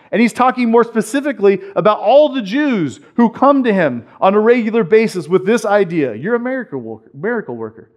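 A man preaching a sermon, animated and acting out the voices he quotes. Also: sits high. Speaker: pastor.

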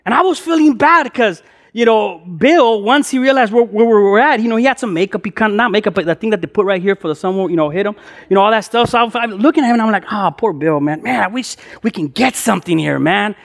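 A male pastor opening his sermon with a casual, chatty story full of slang and fillers, animated as he acts out the action. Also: quick pace. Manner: animated, jumps high in pitch when acting out excitement. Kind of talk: sermon opened with a casual told anecdote.

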